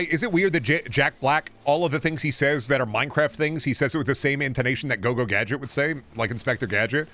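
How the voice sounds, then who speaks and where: A man's voice: mid-range voice, quick pace, few pauses, bright, forceful tone, soft background music. A male streamer in casual chat, ranting and rambling with a lot of swearing.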